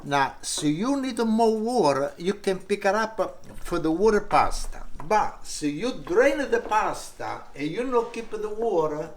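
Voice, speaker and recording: A man's voice: high voice, big pitch swings, a little slow, hardly any pauses, echoey room, slight background noise. An older man from Italy with a strong Italian accent, hosting a home cooking lesson in broken English and repeating words with enthusiasm. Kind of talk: casual cooking demonstration. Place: home kitchen.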